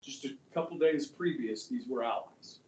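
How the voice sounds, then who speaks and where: A man's voice: medium pitch, moderate pace, darkish tone, recorded from a distance, a little hiss or hum. A male history teacher lecturing a class in a casual, conversational way, often checking in with "okay" and "guys". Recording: echoey classroom, voice from afar.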